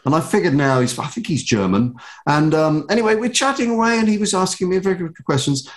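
A man's voice: a little high, quick pace, few pauses. Man telling self-deprecating anecdotes. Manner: self-deprecating, animated, many restarts. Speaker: guest. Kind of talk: anecdotal storytelling.

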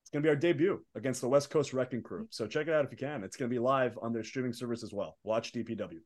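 A young man, a wrestler guest, telling stories in a casual interview with rising excitement. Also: medium pitch, quick pace. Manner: animated, building excitement in stories.

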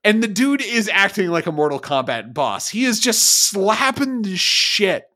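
A man co-hosting a podcast, recapping a TV episode in animated, laughing, profane casual chat. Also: high-pitched, measured pace. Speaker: podcast co-host.

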